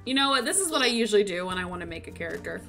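A woman's voice: medium pitch, sing-song, very fast, gravelly, over music. A young woman casually narrating a life-sim game, telling the story with playful quoted asides. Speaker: gameplay narrator.

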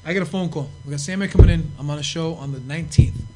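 A middle-aged man tells rowdy stories at a quick clip. His voice sits high for a man, and he swears freely as he acts out what others said. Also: music in the background. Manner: profane, animated storyteller acting out quotes. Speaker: podcast guest. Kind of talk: casual storytelling.

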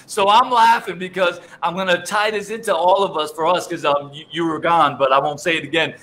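A man hosting a casual faith livestream, telling animated stories, laughing often and repeating words. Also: fairly high pitch, brisk, few pauses, low-quality recording. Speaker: host.

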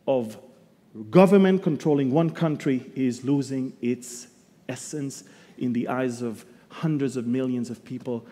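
A man teaching the Bible as a sermon, emphatic, with sudden loud bursts and humorous asides. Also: mid-range voice. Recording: long hall reverb.

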